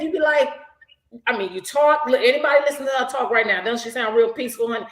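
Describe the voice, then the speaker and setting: A woman hosting a casual talk for a nonprofit program, animated and effusive, praising and preaching with a lilt. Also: fairly high pitch, fast, reverberant, rough recording. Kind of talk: casual chat.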